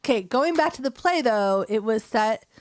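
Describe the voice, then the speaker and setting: A woman's voice: on the high side, expressive, normal speed, dry recording. A woman co-hosting a casual podcast, telling stories with frequent giggles and reading a short story aloud. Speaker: podcast co-host.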